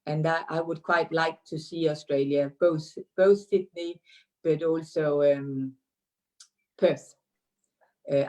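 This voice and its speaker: A woman in her sixties from Denmark with a Danish accent, answering interview questions over a video call in a relaxed, hesitant way with frequent fillers and restarts. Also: sits low. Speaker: interview guest, dance teacher. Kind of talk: casual remote interview.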